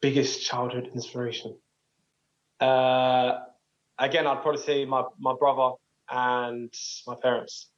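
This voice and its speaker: A man in his twenties, a footballer, answering interview questions in a relaxed, modest, hesitant way. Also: mid-range voice, measured pace, highs cut off. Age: 20s. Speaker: professional footballer.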